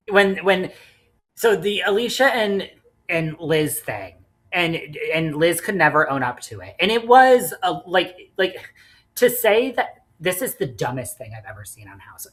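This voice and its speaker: A woman's voice: low-pitched, expressive, a little slow, a bit bright. A woman co-hosting a casual podcast, recapping reality TV bluntly and swearing freely. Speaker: podcast co-host.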